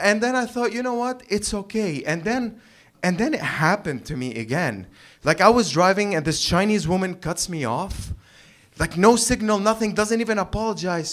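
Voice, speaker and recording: A man doing a stand-up set on a comedy club stage, rambling and halting, restarting lines and chuckling at his own jokes. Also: high voice, fairly bright tone. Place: comedy club stage before a live audience.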